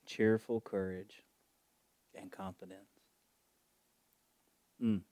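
Fervent low-voiced male preacher. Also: level tone, warm tone, no echo. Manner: fervent, emotional, drawn-out preaching. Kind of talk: sermon.

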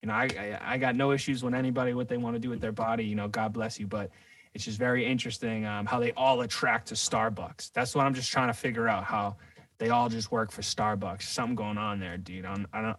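A man's voice: medium pitch, steady tone, fast, fairly bright tone, no room sound, distant mic. Profane rambling man, slightly off-mic. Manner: profane, rambling, says dude a lot. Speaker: podcast co-host. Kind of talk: casual podcast rant.

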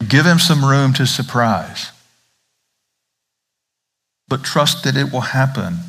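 A man's voice: medium pitch, animated, takes it slowly, fairly bright tone. Man, Southern American accent, pastor, conversational sermon, asks the congregation questions.

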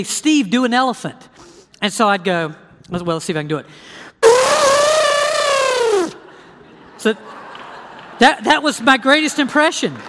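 A man preaching a sermon, telling his own story in an animated way and speaking straight to the congregation. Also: high-pitched, in a large hall. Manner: animated storytelling, addresses audience directly. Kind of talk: sermon testimony.

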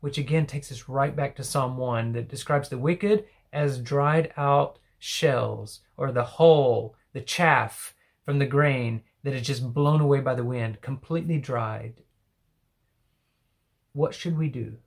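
A Bible teacher giving a devotional sermon and reading scripture aloud, emphatic, swinging from loud exclamations to hushed asides. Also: medium pitch, animated, unhurried.

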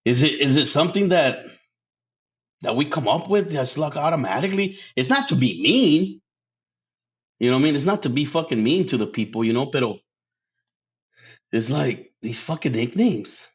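A man's voice: mid-range voice, animated, moderate pace, long pauses. A man hosting a casual solo podcast. He laughs often, swears freely and drops Spanish words into his English. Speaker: podcast host. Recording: dull lo-fi sound.

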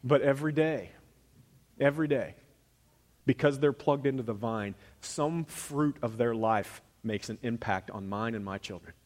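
A man of medium pitch preaches at a measured pace in a church sanctuary. His sermon addresses the congregation in a conversational style, moving from loud, emphatic moments to quiet asides.

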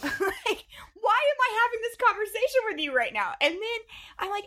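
A woman in her thirties, a podcast co-host, telling mom stories in casual chat, animated and laughing often. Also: very high voice, normal speed. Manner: animated storytelling, laughs often, acts out voices.

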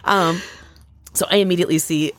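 A woman in her thirties co-hosting a casual podcast, spinning a long anecdote full of "like" and "um". Her voice sits low, and the recording is close and dry with no room sound. She slips into quick impressions of the people in her story. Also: no room sound. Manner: rambling, animated storytelling with fillers and quoted voices. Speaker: podcast co-host.

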